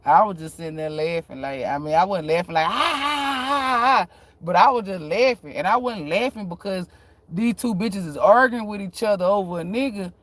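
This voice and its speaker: A man's voice: sits high, fairly quick, no room sound. A man talking casually to his viewers, telling a story in a blunt, profane, frank way with frequent laughs. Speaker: tarot reader vlogger.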